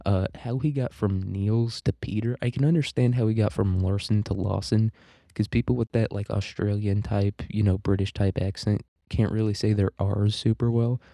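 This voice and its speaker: A man's voice: fairly low pitch, steady tone, normal speed, vocal fry, warm tone, dry recording. A man hosting a casual literature lecture, rambling, crude and joking, with profanity. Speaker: podcast host teaching literature.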